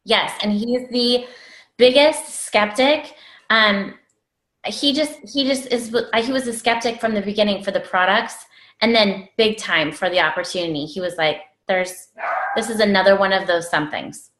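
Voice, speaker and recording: A woman's voice: mid-range voice, moderate pace, fairly bright tone, reverberant. A woman in her thirties, a guest in an interview, telling a personal story in a chatty, gritty way with lots of fillers.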